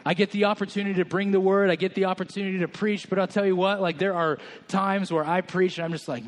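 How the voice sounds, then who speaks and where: A man's voice: sits high, steady tone, fast, hardly any pauses. Candid man preaching a conversational sermon. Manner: candid, conversational, self-deprecating. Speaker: senior pastor. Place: church.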